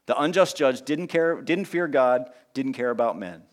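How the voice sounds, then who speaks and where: A man preaching a sermon in a lively teaching tone, with conversational asides and small jokes. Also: moderate pace. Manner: lively teaching tone, pitch rising on key points and dropping low on asides. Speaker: pastor.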